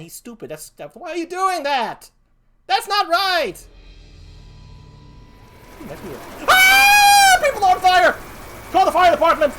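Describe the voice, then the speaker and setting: Streamer doing a cowardly survivor, jittery, shrieky, pitch swinging wildly. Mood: nervous, then panicked. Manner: jittery, shrieks and babbles in panic. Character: timid panicky cowardly survivor. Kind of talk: in-character game commentary.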